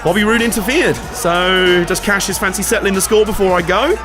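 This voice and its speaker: Chatty gamer with a higher voice. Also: male voice, brisk, over music. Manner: chatty, sweary, self-mocking. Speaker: let's play host. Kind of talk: casual gameplay commentary.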